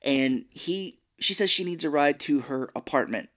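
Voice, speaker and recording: A man co-hosting a podcast in casual chat, retelling a film with an easygoing storyteller's manner and quick mocking character voices. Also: on the high side, a bit bright. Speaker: podcast co-host.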